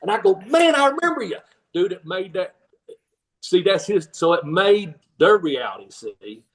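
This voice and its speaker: An older man with a drawl spins a long, rambling story in a relaxed interview. His voice sits a bit high for a man, and he keeps breaking into laughter as he acts out the fans he quotes. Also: measured pace, far from the mic, low-quality recording. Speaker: guest, former pro wrestler and trainer.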